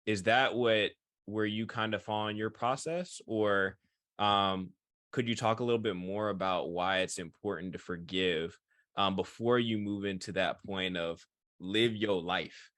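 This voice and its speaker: A man with a deep, low voice asks halting, thoughtful questions, recorded close and dry. He often pauses with ums as he puts his questions in a podcast chat. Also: fairly bright tone, dry recording.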